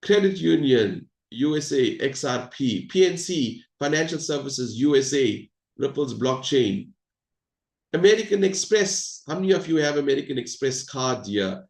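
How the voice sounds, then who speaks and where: Guy hosting a video call, all hyped up, gravelly voice, echoey room. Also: mid-range voice, moderate pace. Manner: animated, hyped, addresses the audience directly. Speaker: host of an online crypto meeting. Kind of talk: casual presentation on a video call.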